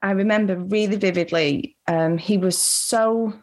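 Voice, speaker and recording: A woman's voice: mid-range voice, unhurried. Candid woman telling stories. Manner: candid, storytelling, laughs easily. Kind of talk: casual chat.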